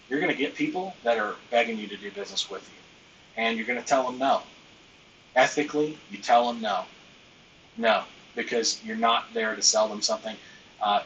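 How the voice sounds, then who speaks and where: A man's voice: medium pitch, gravelly, sharp tone, recorded from a distance, slight background noise, poor audio. A man hosting a business training live stream, talking loosely and emphatically, with lots of fillers and the odd bit of slang.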